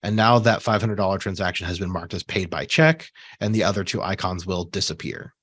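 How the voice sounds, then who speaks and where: A man giving a relaxed screen-share software tutorial, talking casually with fillers and asides while he has the hiccups. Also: low-pitched, a little fast, slightly rough, no room sound. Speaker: software trainer.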